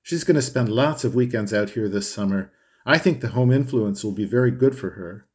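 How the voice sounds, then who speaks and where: A breezy, teasing rich young woman with a lifted, lively voice, as a male audiobook reader puts her on. She talks in a breathy, animated rush, full of playful insistence. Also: mid-range voice, a little fast, natural voice.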